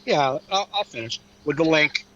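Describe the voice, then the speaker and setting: Bright-voiced profane male comedian. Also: on the high side, moderate pace, highs cut off, a little hiss or hum. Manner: profane, animated, mocking. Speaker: podcast host, comedian. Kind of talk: casual chat, storytelling.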